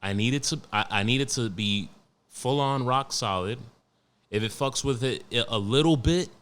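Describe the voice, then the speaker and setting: A young man hosting a solo podcast, talking in a blunt, profane, joking way and reading news out loud. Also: medium pitch. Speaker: podcast host. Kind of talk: casual solo podcast monologue.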